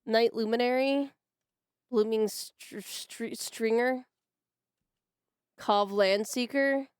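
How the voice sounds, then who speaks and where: A woman's voice: a little high, slow pace, clean tone, dry recording, clean studio sound. A woman chatting casually on a stream and playfully reading card names aloud while opening packs.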